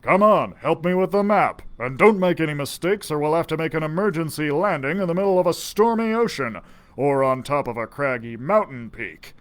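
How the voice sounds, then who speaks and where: A man voicing a stern, terse adult mouse pilot who talks in a low muttering voice in a storybook reading. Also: lively intonation, a little fast, lightly acted.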